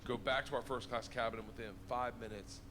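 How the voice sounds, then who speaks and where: A man doing stand-up storytelling, animated, shouting his punchlines and putting on other people's voices. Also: medium pitch, quick pace, background noise. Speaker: stand-up comedian.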